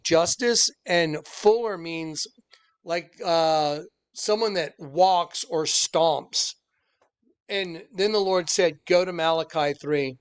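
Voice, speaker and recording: Here a high, clean-toned male voice belongs to an online preacher and channel host sharing a personal story with viewers. Earnest and insistent, he brings the tale to life by acting out each person he quotes.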